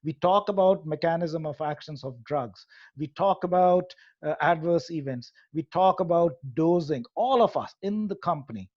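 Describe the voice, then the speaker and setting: A man's voice: a little high, normal speed. Man lecturing earnestly on muffled audio. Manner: earnest lecturing with filler hesitations. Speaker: head of an AI hub giving a talk. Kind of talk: presentation to an audience.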